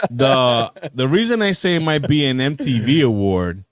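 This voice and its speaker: A man's voice: medium pitch, expressive, measured pace, no echo, clean studio sound. A man co-hosting a podcast in casual chat, joking and laughing often. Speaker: podcast co-host.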